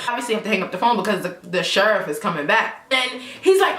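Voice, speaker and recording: Bright, animated New woman storytelling. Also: a little high, unhurried. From New York, Brooklyn. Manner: animated, profane, many likes and asides to viewers. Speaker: vlogger. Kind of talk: casual storytime vlog. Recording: echoey room.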